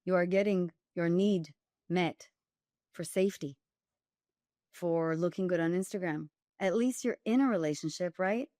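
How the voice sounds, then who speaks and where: A woman's voice: fairly low pitch, a little slow, warm tone, dry recording, studio quality. A woman dating coach and author, speaking directly and emphatically as a guest, with wry humor. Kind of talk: candid storytelling interview.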